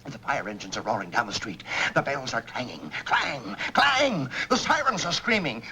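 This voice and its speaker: An actor playing an excitable, blustering middle-aged boss with a theatrical way of talking, in 1940s film acting. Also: male voice, mid-range voice, brisk, husky, exaggerated voice. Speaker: businessman.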